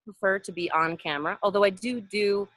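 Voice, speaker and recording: A woman voice actor, a guest on a video call interview, telling stories in a lively way and acting out the voices she quotes. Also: medium pitch, a little fast, a little hiss or hum. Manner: animated storyteller, acts out quoted voices. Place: home in a mountain town.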